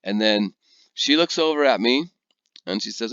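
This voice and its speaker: A man teaching a recorded lecture, telling stories in an animated way and often checking in with his listeners. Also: medium pitch, moderate pace, clear, resonant tone, no echo. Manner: animated storyteller, checks in with "okay?". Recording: dull lo-fi dry recording.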